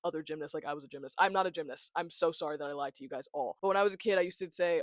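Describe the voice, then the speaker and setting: A man's voice: on the high side, steady tone, racing, few pauses, dry recording. A nineteen-year-old man chatting casually to camera, a little congested, joking and self-mocking as he talks into a tiny handheld mic held close. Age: young adult. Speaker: vlogger. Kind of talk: casual talking-head chat. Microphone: small handheld mic, close.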